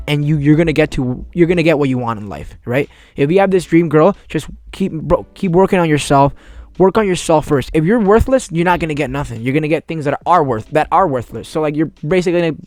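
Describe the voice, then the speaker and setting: A man's voice: a little high, dry recording. A man in his twenties hosting a casual solo podcast, rambling in laid-back slang with cursing. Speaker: podcast host.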